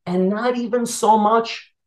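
Lively man teaching a Talmud story. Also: high-pitched, measured pace, poor audio. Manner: lively storyteller asking the listeners questions. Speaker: Torah teacher.

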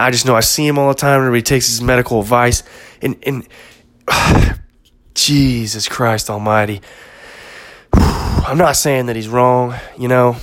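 A man hosting a podcast, delivering an impassioned, profane monologue that sometimes drops to a hush for storytelling. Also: medium pitch. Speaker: podcast host. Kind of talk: monologue rant.

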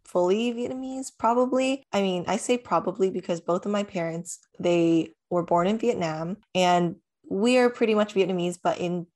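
A woman's voice: medium pitch, moderate pace, hardly any pauses, darkish tone. Giggly, chatty young woman. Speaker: podcast co-host. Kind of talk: casual chat.

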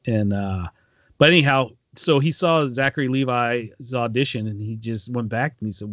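A man's voice: medium pitch, normal speed, fairly bright tone, dry recording. Man, podcast co-host, rambling casual storytelling, dry close sound, slightly muffled. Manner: rambling retelling with frequent ums and restarts. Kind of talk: casual chat.

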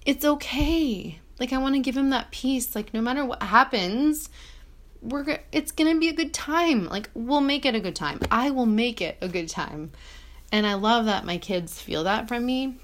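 A woman's voice: a little high, moderate pace. A woman vlogging from her small apartment, talking in a casual, reflective monologue that rambles, fills with "like" and corrects itself as she goes. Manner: rambling, heavy on "like", self-correcting.

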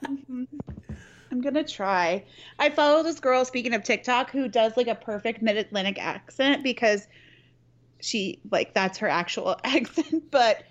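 A woman co-hosting a podcast over a video call, blunt and quick to laugh, cursing freely in casual chat. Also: a little high, animated, dull audio, slight background noise. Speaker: podcast co-host.

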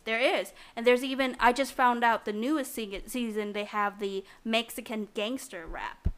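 A woman's voice: on the high side, normal speed. A woman co-hosting a podcast, explaining things in a rambling casual chat with lots of fillers. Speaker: podcast co-host.

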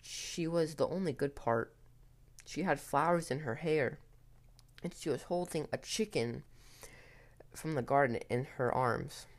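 A man's voice: on the high side, measured pace, pauses often. A man reading a spooky story, voicing an innocent, wistful young boy in a raised voice. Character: dreamy young boy, innocent little brother.

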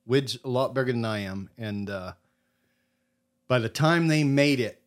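Podcast guest, man from Maine, lively storyteller. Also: mid-range voice, a little slow. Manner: animated storyteller, swings loud and soft. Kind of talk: casual storytelling.

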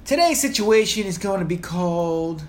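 Profane, lively Puerto Rican man. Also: high-pitched, moderate pace. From Puerto Rico. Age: 30s. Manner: profane, rambling and joking. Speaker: podcast host. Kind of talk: casual monologue.

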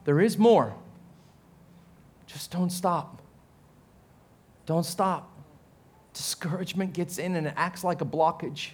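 Animated Australian pastor preaching, high voice. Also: male voice, slow, long pauses. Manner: animated storytelling, acts out quotes in a raised voice; self-mocking humor, laughs while telling stories. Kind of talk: sermon.

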